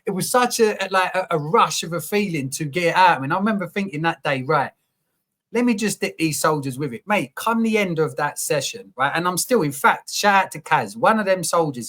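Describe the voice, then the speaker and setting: Candid man with a higher voice. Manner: open, animated storytelling with slang and swearing. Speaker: podcast guest, coach. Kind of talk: candid conversation.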